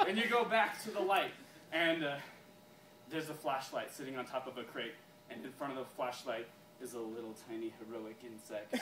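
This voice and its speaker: A man casually pitching a story to a group, laughing often and restarting his sentences. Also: animated. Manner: giggly, keeps breaking into laughs; halting, many restarts. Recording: echoey room, far from mic, crowd around.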